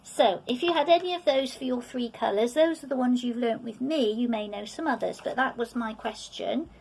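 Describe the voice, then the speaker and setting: A woman's voice: a little high, gravelly, darkish tone, breathy edge. A middle-aged woman teaching a beginners' language lesson, patient and repetitive, often checking in with "okay?". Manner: patient, repeats words slowly, checks in with "okay?". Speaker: French teacher. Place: room, sitting at a table.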